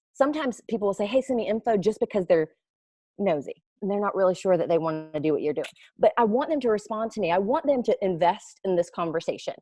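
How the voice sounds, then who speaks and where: Woman in her thirties, chatty recruiter, animated storyteller, dry close mic, mid pitch. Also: no room sound. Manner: chatty, animated storyteller with playful quoted voices. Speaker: network marketing recruiter. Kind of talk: casual webinar talk.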